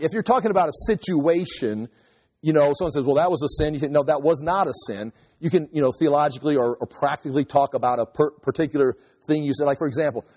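High-voiced man preaching in a hall. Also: darkish tone. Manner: conversational Bible teaching with quick asides. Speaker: pastor. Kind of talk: sermon.

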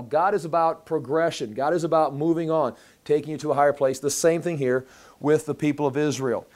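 A man's voice: on the high side, steady tone, fairly quick, darkish tone. A man teaching a Bible passage as a pastor, in a conversational way, often repeating words as he restarts and reading scripture aloud.

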